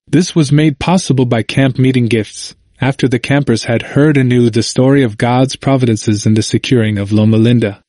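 A man reading a historical book aloud in a measured, even narration. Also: mid-range voice, no room sound, clean studio sound. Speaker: audiobook reader.

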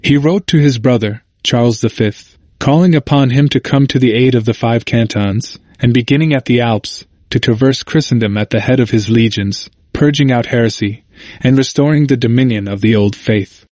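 A man's voice: mid-range voice, normal speed, a little mellow, dry recording. Solemn male history narrator, dry sound. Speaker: audiobook narrator.

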